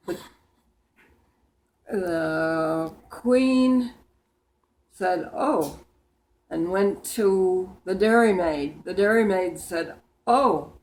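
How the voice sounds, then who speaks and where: A woman of about a hundred years recites comic verse from memory. She takes her time over every line, her voice sitting at an ordinary middle pitch, and now and then she trips on a word and starts it again. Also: a little mellow, rough recording. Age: about 100. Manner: slow, deliberate recitation with small slips and restarts.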